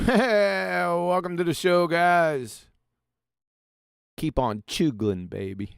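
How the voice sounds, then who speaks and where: Brash high-voiced man hosting a panel. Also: extremely slow, creaky, clear, resonant tone, dry recording, clean studio sound. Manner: brash, mocking, swears freely. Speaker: host. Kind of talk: casual online panel chat.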